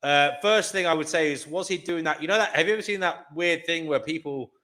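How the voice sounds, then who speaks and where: A man's voice: on the high side, a little fast, sharp tone. A man on a discussion panel, talking casually with some swearing and reacting with disbelief. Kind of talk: casual chat.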